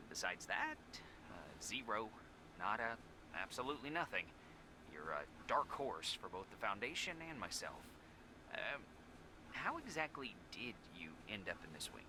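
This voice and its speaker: Brief: man doing a chatty, secretive game official, lowish voice, noisy game audio behind. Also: close to an everyday voice. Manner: confiding, drops to whispers for secrets. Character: gossipy eager plump male company official. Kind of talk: video game voice acting.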